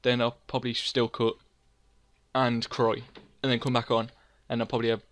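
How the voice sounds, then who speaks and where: A man's voice: medium pitch, monotone, normal speed, a bit bright. A young man, hosting casual gameplay commentary in a rambling, self-mocking way, often talking to himself by name. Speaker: let's play host.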